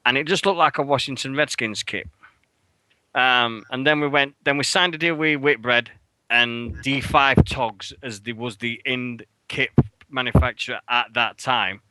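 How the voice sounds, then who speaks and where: A man with a bright, forceful voice, telling a story in a casual radio chat. He swears freely and his pitch leaps sharply when he plays out his own outrage. The sound is close and dry, with no room in it. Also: unhurried, no echo, low-quality recording. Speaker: radio show co-host. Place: radio studio.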